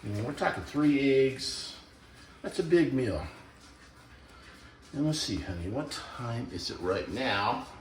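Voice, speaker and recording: A man's voice: medium pitch, very animated, unhurried, long pauses, roomy sound, distant mic. Folksy older man rambling in his kitchen. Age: 60s. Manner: folksy, rambling, self-joking. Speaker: vlogger. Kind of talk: casual kitchen vlog. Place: home kitchen.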